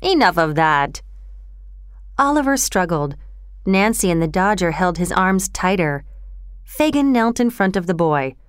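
A woman reading a storybook chapter aloud in a calm, even storytelling manner. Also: lowish voice, moderate pace, smooth, no echo, studio quality. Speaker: narrator.

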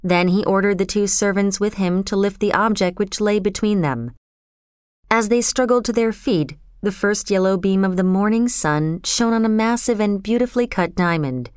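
Female audiobook narrator, smooth and crisp, measured delivery, dry close sound. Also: mid-range voice, darkish tone, dry recording.

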